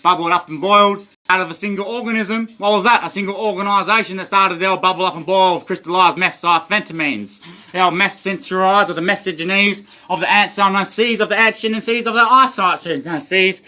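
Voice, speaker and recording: A man's voice: sits high, fairly even intonation, a little fast, pushed and bright. An Australian man livestreaming a rambling, profane, stream-of-consciousness monologue.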